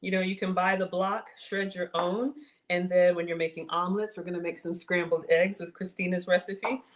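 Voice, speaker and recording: A woman's voice: lowish voice, fairly even intonation, moderate pace. A woman hosting a casual cooking livestream from her home kitchen, chatting and answering viewer comments as she works. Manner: chatty, reads viewer comments aloud, folksy.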